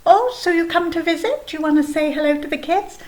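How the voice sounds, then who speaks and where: A woman teaching a kindergarten video lesson, explaining patiently in a gentle, sing-song way. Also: very high voice, animated, quick pace. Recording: echoey room, faint background ambience.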